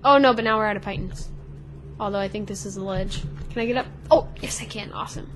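A teenage girl hosting a gaming channel, chatting excitedly to herself and the character as she plays. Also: a little high, moderate pace, noisy background. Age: teens. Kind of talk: let's play commentary.

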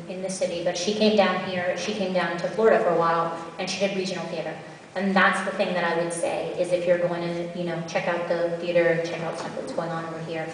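A woman's voice: fairly low pitch, slight background noise. A woman voice actor answering audience questions on a convention panel, chatty and practical. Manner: chatty, practical advice with asides. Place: large convention hall. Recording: echoey hall, far from mic.

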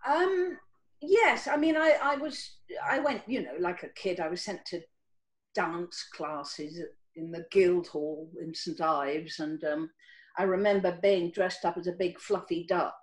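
An older actress from Cornwall, talking casually on a video call and telling stories with many restarts. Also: female voice, a little slow, low-quality recording. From Cornwall, England. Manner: warm storytelling with lively pitch, many restarts. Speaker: actress guest.

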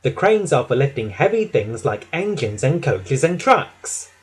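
Male reader as a patient train driver, calm and slow; storybook. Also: mid-range voice, husky, exaggerated voice. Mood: explaining. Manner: calm, explanatory. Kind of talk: storybook narration.

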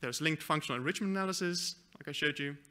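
A man giving a conference presentation, walking through a live software demo with a few fillers and self-corrections. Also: fairly high pitch, quick pace. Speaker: conference speaker. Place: conference hall.

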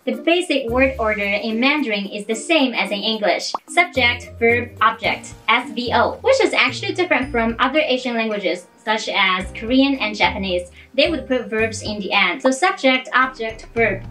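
A woman's voice: on the high side, expressive, moderate pace, hardly any pauses, a bit bright, rough recording. A woman with a Chinese accent, a native Chinese speaker, giving a cheerful scripted tutorial as a Mandarin teacher. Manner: cheerful, explanatory. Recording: faint background music.

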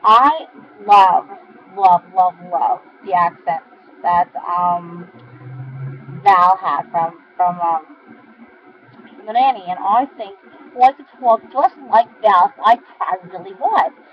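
A man putting on a sassy New York woman's accent, loud and defiant, repeating words for emphasis. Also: high voice, slow. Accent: put-on New York. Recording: dull lo-fi camera with fan hum.

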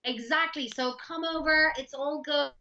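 Bright high-pitched woman on a dull call line. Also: normal speed. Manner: playful, laughs often, animated. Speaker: guest actress. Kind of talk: casual chat.

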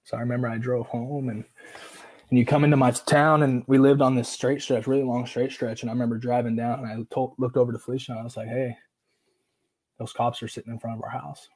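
A man's voice: mid-range voice, level tone, fast, darkish tone, rough recording. A man from Oregon, a podcast guest, telling a personal story in casual, filler-heavy speech, acting out quoted dialogue, earnest and emotional. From Oregon, USA.

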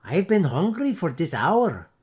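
A man voicing a chorus of fussy little old Dutch burghers, counting and crying out loudly in a comic put-on German-Dutch accent. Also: fairly high pitch, wildly swooping pitch, drawn-out words, husky, full character voice. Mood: outraged.

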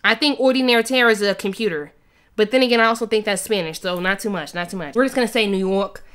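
A woman in her twenties reading out a quiz in a casual, playful chat full of slang and quick asides. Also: medium pitch, a bit bright. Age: 20s. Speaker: YouTuber.

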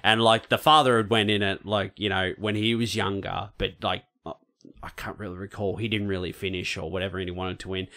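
A man's voice: fairly low pitch, flat delivery, brisk, sharp tone. An Australian man hosting a podcast, chatting casually and rambling with lots of fillers. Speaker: podcast host.

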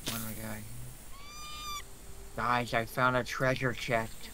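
A man's voice: mid-range voice, flat delivery, unhurried, noisy background. A man casually chatting and joking while playing a pirate game with friends. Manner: joking, playful. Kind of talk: casual gaming chat.

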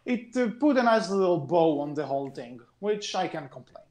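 A man's voice: high voice, big pitch swings, moderate pace, a little mellow. A man co-hosting a podcast, his voice sitting a little above the usual male range. He talks in a casual, rambling way, hedging and circling back over his points. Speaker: podcast co-host.

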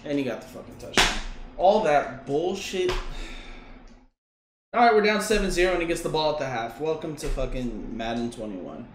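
A young man commentates his own football video game as he plays, shouting at every big play and cursing at his opponent. His voice sits high and swings widely. It is recorded in an echoey room. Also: normal speed, noisy background. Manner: excitable, yells at plays, swears, laughs. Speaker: gaming YouTuber. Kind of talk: live gameplay commentary.

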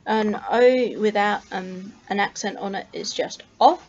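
A woman's voice: mid-range voice, measured pace. A young woman with an Australian accent, explaining letter sounds to camera, carefully demonstrating each sound with frequent ums. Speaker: language tutor. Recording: slightly muffled lo-fi recording.

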